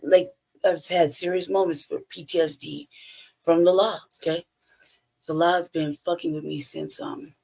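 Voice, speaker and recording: Gravelly, profane man telling stories. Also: a little high. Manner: profane, blunt, laughs often between phrases. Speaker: podcast host. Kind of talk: casual storytelling monologue.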